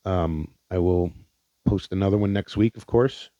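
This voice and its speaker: Deep-voiced, mellow-toned podcasting man. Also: moderate pace, dry recording. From Indiana, Pennsylvania, USA. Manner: rambling, profane, sincere, with many fillers. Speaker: podcast host. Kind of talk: casual solo podcast monologue. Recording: dull lo-fi dry recording.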